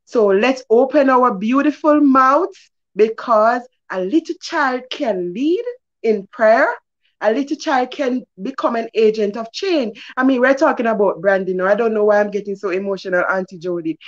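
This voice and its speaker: A woman's voice: on the high side, normal speed, muffled recording. A woman hosting a kids' news segment, talking earnestly and emphatically to children, her voice swooping up on key words. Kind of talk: preachy morning-show talk to kids.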